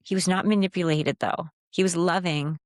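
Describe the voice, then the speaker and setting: Woman, faith-based teaching talk, direct and emphatic, somewhat low voice, dry sound. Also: fairly even intonation, normal speed, no echo. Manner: direct, emphatic, acts out timid phrasings in a raised voice. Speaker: Christian speaker and coach. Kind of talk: teaching monologue on speaking with authority.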